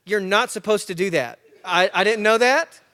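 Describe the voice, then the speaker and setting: A man tells a story to a church crowd, his voice riding high for a man. He acts it out as he goes, leaning in with loud bursts, then dropping to near-hushed asides. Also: moderate pace. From Tennessee and Georgia, US. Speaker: guest speaker at a church men's breakfast. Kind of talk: storytelling talk to a live audience. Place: church event before a live audience.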